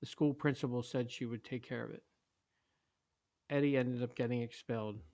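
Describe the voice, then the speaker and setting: A man reading a story aloud in a steady, plain way, with small slips. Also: medium pitch, normal speed. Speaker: narrator.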